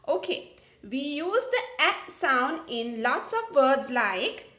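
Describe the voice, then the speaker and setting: A woman teaching phonics to young children, repeating each sound and word slowly and patiently, with small slips and restarts. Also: sits high, big pitch swings, a bit bright, slight background noise. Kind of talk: slow, sing-song phonics lesson for young children.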